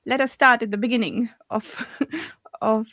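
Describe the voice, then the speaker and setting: A woman leads a relaxed book club chat in a slightly high voice. She laughs often and keeps correcting herself mid-sentence. The recording is dry, with no room sound. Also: a little slow, no echo. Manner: chatty, laughs often, frequent self-corrections. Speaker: book club discussion leader. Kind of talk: casual book discussion.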